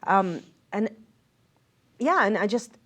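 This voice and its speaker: A woman's voice: medium pitch, lively intonation, takes it slowly. A woman from Israel, an interview guest, telling a personal story earnestly and reflectively, with many fillers and restarts.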